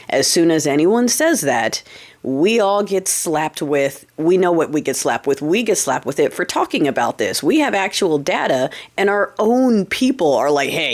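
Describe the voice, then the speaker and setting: Animated, sarcastic woman with a low voice. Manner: animated and sarcastic, swears freely, keeps asking "okay?". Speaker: host of her own political channel. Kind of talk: casual political commentary.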